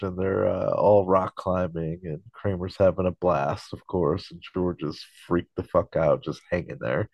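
A man's voice: deep voice, creaky, a little mellow, no echo. A man hosting a podcast, rambling casually through an episode recap and swearing. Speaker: podcast host. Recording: dry dull lo-fi mic.

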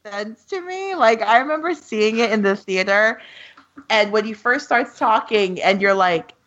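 A woman's voice: fairly high pitch, expressive, measured pace, a bit bright, lo-fi sound. A woman co-hosting a casual podcast chat, talking with many ums and easy laughter. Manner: chatty, hesitant with frequent ums, laughs easily. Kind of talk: casual chat about films and books.

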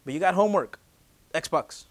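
A pastor in his late twenties preaching with a slightly high voice. He keeps it conversational and joking, then pushes into loud, urgent emphasis on key lines. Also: normal speed. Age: late 20s. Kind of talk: sermon.

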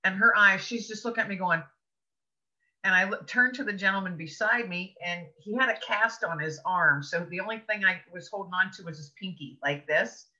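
A woman's voice: mid-range voice, normal speed, pushed and bright. A woman guest on an interview show, telling a personal story earnestly and with laughs between thoughts. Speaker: podcast guest, author. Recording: dull lo-fi audio.

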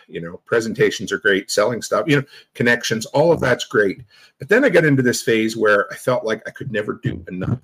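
Husky guy chatting on his livestream, jokey storyteller, voice all over the place. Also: mid-range voice, rough recording. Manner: animated storytelling, joking. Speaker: live stream host. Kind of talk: casual chat.

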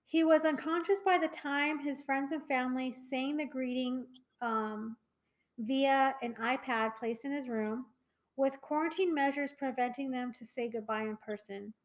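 A chatty young woman with a high voice co-hosts a casual podcast. She circles around her points with plenty of "um" and "like," stopping and restarting her sentences as she goes. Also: fairly even intonation, unhurried, low-quality recording. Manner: chatty, many fillers and trailing restarts. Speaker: podcast co-host. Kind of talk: casual chat.

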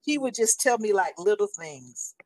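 A woman in her sixties sharing a faith testimony in a casual, animated and emphatic way, often calling the listener honey. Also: medium pitch, moderate pace, no room sound. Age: 60s.

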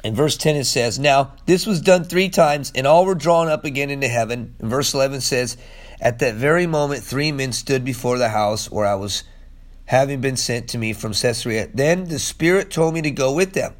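A man preaching a casual, energetic sermon as pastor, hoarse from allergies, chatty and excitable, laughing often and calling people "man". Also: mid-range voice, normal speed.

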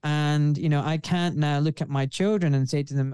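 Mellow, smooth-voiced Scottish man. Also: a little high, fairly even intonation, moderate pace, few pauses, dry recording. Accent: refined Scottish. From Scotland. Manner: earnest, outspoken, frequent "you know". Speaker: guest, surgeon. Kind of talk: casual interview conversation.

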